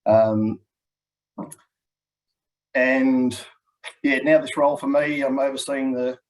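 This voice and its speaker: A man's voice: mid-range voice, slow, poor audio. Middle-aged aussie guy chatting through a webinar talk, easygoing, lots of ums. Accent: Australian. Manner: relaxed, chatty, frequent ums. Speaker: healthy landscape manager. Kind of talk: webinar presentation.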